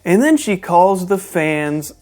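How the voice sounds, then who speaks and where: A reviewer from Texas talks through a wrestling episode in a casual recap, animated and full of disbelief at what happens in the ring. Joking asides break up the play-by-play. Faint music sits under the voice. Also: medium pitch, takes it slowly.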